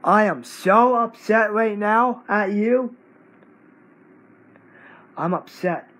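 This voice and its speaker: A man's voice: high voice, slow pace, a bit bright, a little hiss or hum, low-quality recording. A man ranting to camera as the channel owner, scolding someone in short, repetitive bursts. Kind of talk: angry rant to camera.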